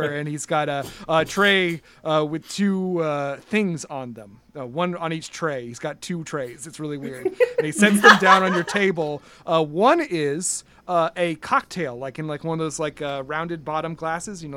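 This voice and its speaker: A young man narrating a tabletop role-playing game as game master, casual and halting with many fillers. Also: on the high side, sharp tone, slight background noise.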